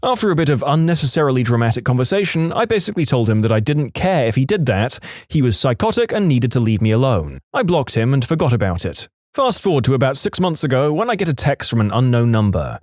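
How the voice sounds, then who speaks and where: Animated male storyteller, dry sound. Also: medium pitch, fast talker, dry recording. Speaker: story narrator. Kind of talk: reading online stories aloud.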